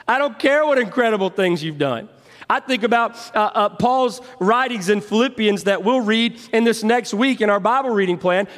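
A man's voice: sits high, fairly bright tone, long reverb tail. A man preaching a sermon in a church as pastor, emphatic and repeating key phrases. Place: church sanctuary.

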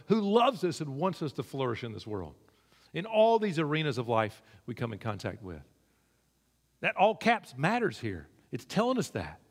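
A man preaching a sermon in a conversational way, his pitch climbing when he stresses a point. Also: very animated, normal speed. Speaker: pastor. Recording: long hall reverb.

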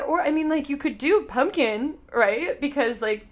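A young woman in casual chat, talking in an animated, rambling way with lots of "like". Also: high voice, moderate pace. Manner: animated, rambling storytelling with frequent "like".

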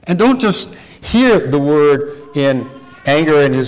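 A male preacher delivers a sermon at an unhurried, drawn-out pace, pausing on words. His voice sits a little high for a man, and he keeps turning to his listeners with rhetorical questions and repeated phrases. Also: big pitch swings.

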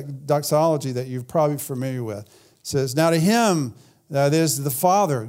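A man's voice: on the high side, darkish tone. A man preaching a sermon in a conversational way, often repeating words and saying "man". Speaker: pastor.

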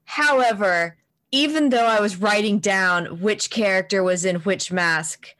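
A woman's voice: mid-range voice, a little slow, a bit bright. A woman co-hosting a casual chat, rambling and self-deprecating with casual swearing. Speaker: podcast co-host.

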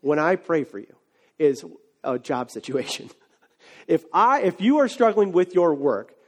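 A male pastor with a high-pitched voice delivers a sermon. He speaks casually and conversationally, with lively asides, and builds to fervent, emphatic preaching. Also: unhurried.

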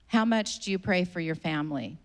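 A woman's voice: on the low side, lively intonation, brisk. A woman pastor preaching a sermon, stressing her points by repeating them. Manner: emphatic, repeats exhortations.

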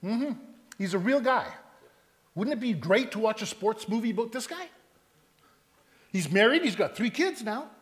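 Male preacher, high voice, animated storyteller who acts out dialogue, sermon delivery. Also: normal speed, long pauses. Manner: animated storytelling, acting out both sides of conversations.

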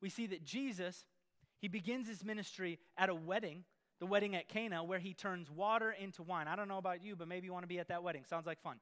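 A man preaching a sermon in an energetic, playful way, with sarcastic asides. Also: high voice, fast talker.

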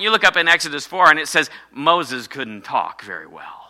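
Forceful, bright-voiced male preacher. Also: a little high, big pitch swings, a little fast. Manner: emphatic, repetitive preaching with call-and-response. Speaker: pastor. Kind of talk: sermon.

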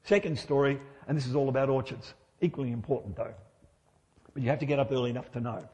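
A man's voice: medium pitch, quick pace, darkish tone, in a large hall. A middle-aged man preaching a sermon in church, conversational and humorous, often asking his listeners rhetorical questions.

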